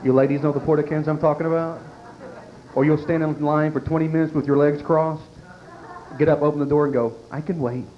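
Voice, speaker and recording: Stand-up comic, man, a touch high, crude and self-deprecating, dull lo-fi club recording. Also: level tone, brisk. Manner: crude, self-mocking punchlines, talks to the crowd. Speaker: stand-up comedian. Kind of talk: stand-up comedy routine. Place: comedy club on stage. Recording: dull lo-fi 1990s club tape. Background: audience laughter and faint room noise.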